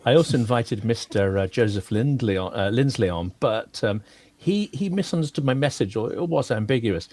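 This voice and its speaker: A man's voice: medium pitch, animated, moderate pace, a little mellow, no room sound. A man organizing a fundraising livestream, chatting casually in a self-deprecating way and laughing easily. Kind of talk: casual chat. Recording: noisy stream audio.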